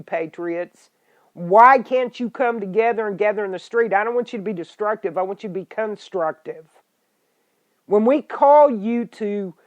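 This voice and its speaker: A middle-aged woman, hosting a political podcast in an angry, scolding rant with sudden loud outbursts. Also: on the high side. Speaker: podcast host. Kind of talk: ranting political podcast monologue. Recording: dull lo-fi internet radio stream.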